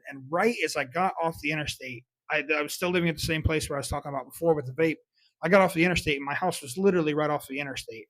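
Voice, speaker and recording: A young man tells a confession on his podcast, candid and self-critical, with plenty of swearing. His voice sits a bit high for a man. The sound is dry and close, with no room echo. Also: fairly bright tone. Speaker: podcast host. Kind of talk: confessional solo storytelling.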